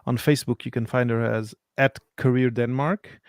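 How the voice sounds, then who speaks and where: A man's voice: mid-range voice, steady tone, dry recording. Hesitant male podcast host, dry sound. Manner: measured, hesitant with "uh" pauses. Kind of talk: interview hosting.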